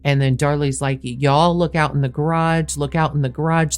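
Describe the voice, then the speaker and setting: A woman with a low, deep voice narrates a true crime case in a methodical, step-by-step way. She slows down to read quoted lines, over faint music in the background. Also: fairly even intonation, a little mellow. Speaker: true crime podcast host.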